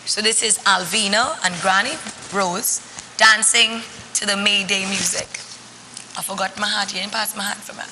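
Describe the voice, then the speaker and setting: A woman's voice: mid-range voice, fairly even intonation, normal speed, in a large hall, noisy background. A woman reading a picture book to children and asking them questions in a teacherly way. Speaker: children's storyteller.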